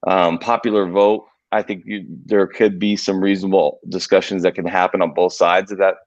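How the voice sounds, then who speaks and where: A man on a podcast, explaining politics in a measured, hedging way, with restarts. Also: deep voice, flat delivery, no echo. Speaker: guest. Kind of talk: podcast discussion. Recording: dull lo-fi remote audio.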